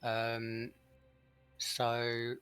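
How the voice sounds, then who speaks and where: A man talking through his moves in a tabletop game, loose and casual, with lots of "like" and "kind of". His voice is bright and edged. It sits at a medium pitch. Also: completely flat delivery, extremely slow, smooth, soft background music. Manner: casual, full of fillers like "kind of" and "like". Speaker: player.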